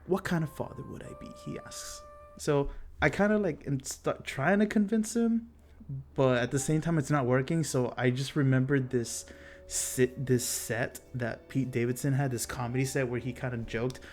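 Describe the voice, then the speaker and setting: A man's voice: medium pitch, moderate pace, a little mellow, a little hiss or hum. A young man from Texas telling a casual storytime vlog, rambling and profane with a self-mocking streak. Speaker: vlogger.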